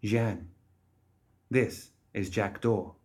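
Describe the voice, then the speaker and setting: A man's voice: fairly low pitch, drawn-out words, a little mellow. A man reading the lines of an anxious one-eyed young man who sounds worried and pleading.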